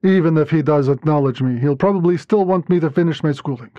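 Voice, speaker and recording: Male reader playing a fond young Russian count's son, hurried and teasing, in a storybook reading; dull, dry audio. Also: a little high, dark tone, dry recording, natural voice. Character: young Russian nobleman's son, eager and affectionate.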